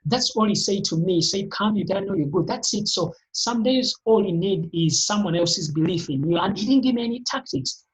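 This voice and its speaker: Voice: expressive, normal speed, hardly any pauses, low-quality recording. Emphatic, repetitive motivational speaker. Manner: emphatic and repetitive, with sudden upward pitch jumps. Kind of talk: motivational talk in a live online session.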